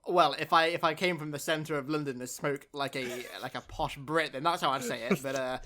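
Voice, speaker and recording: A man's voice: a little high, fairly even intonation, fairly quick, a crowd in the background. A man in a casual podcast debate, making teasing, mock-grandiose claims. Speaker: podcast guest.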